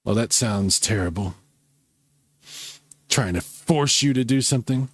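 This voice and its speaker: A man's voice: mid-range voice, animated, measured pace, a bit bright, slightly rough, no room sound. A man hosting a casual live gaming stream, chatting and reacting to viewer comments while he plays. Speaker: livestream host.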